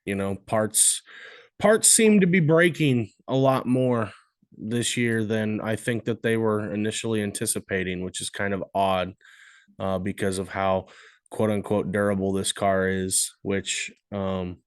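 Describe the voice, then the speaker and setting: A man co-hosting a casual motorsport podcast. He speaks in a halting, measured way with many pauses and blunt opinions. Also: on the low side, clean tone, no room sound, studio quality. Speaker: podcast co-host. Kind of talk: casual sports podcast chat.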